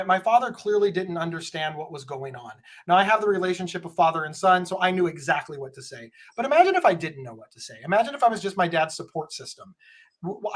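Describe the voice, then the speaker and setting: A man, a podcast guest, telling a story in an animated way with many stammered restarts. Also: high-pitched. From United States. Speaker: podcast guest, mental health speaker. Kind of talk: conversational storytelling.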